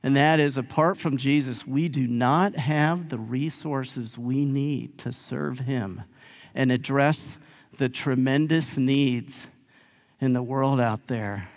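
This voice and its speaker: A male pastor preaching a sermon in a conversational, animated storytelling way, acting out sarcastic asides. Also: medium pitch, takes it slowly.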